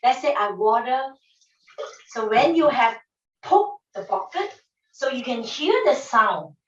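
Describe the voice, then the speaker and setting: A woman's voice: on the high side, lively intonation, a little slow. A woman teaching flower arranging in a casual demonstration, talking emphatically and repeating her phrases in non-standard English. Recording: echoey room, distant mic, dull sound.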